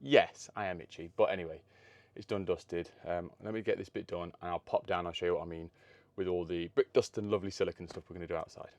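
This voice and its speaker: A man with a low voice narrates his electrical job in a rambling, chatty way. He thinks aloud while he works outside on a roof and in a loft. It is recorded on a phone camera. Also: fairly even intonation, fast talker, a little mellow, no room sound. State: out of breath at times. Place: outdoors on a roof and in a loft, rainy.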